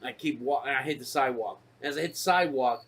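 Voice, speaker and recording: A man co-hosting a podcast, telling a casual story full of profanity and acting out his own shouted lines. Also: mid-range voice, fast, slightly rough. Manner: profane, animated, acts out shouted quotes. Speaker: podcast co-host.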